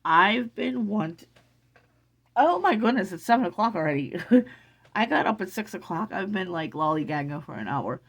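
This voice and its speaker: A middle-aged woman in an emotional casual vlog, excited and teary, rambling with many restarts. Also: fairly low pitch, moderate pace. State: teary from crying. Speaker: vlogger.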